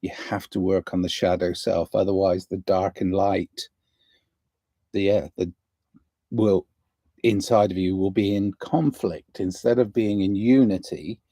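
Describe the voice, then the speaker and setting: A man muses aloud on his livestream about inner balance and kindness. He speaks slowly and unhurriedly, with a mellow, dark tone. The sound is dry and close, with little room echo. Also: low-pitched, fairly even intonation. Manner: slow, musing, drifting between soft and emphatic. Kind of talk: rambling spiritual monologue. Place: indoors near a window.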